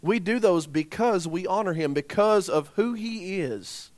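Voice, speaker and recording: A man's voice: high-pitched, lively intonation, measured pace, darkish tone. A man in his thirties or forties preaching a sermon in a conversational way, often putting rhetorical questions to the congregation.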